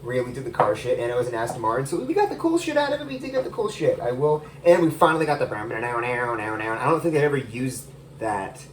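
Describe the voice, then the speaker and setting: A man's voice: mid-range voice, sing-song, fast, a little hiss or hum. Rambling, foul-mouthed man ranting while cooking. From United States. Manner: swears a lot, rambling and exasperated. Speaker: vlogger reviewing a film. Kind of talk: casual rant. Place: home kitchen, cooking. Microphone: phone.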